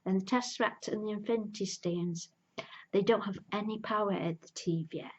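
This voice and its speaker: A woman's voice: medium pitch, brisk, a little mellow, muffled recording. Chatty woman recapping a show. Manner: chatty, enthusiastic retelling with fillers and quoted lines. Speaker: TV reviewer. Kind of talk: casual spoken recap.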